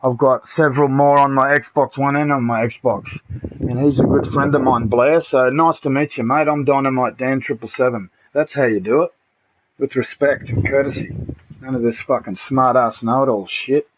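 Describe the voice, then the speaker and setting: On a muffled, noisy home streaming mic, a middle-aged Australian man chats casually with party members during a live game stream. His voice is medium-pitched and steady at normal speed, and he's blunt and aggrieved, swearing freely and calling everyone mate and bro.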